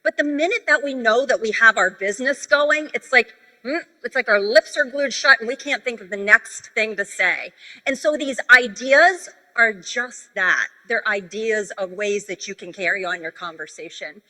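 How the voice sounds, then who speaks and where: A woman speaking at a sales convention, coaching the audience in a conversational, animated storytelling manner. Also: on the high side, moderate pace. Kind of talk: sales training talk on stage. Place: large convention hall. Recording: reverberant convention hall.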